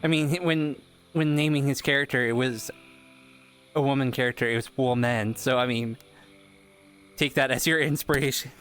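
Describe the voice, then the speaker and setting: A man's voice: medium pitch, moderate pace, pauses often, fairly bright tone, soft background music. A man running a casual online role-play, rambling and full of fillers. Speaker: game master.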